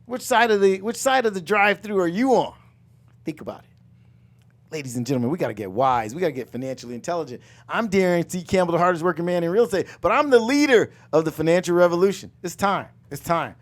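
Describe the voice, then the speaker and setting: A middle-aged man hosting a live finance coaching talk, loud and emphatic, repeating his phrases and mixing in jokes. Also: high-pitched, lively intonation, fast talker. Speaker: real estate coach and show host.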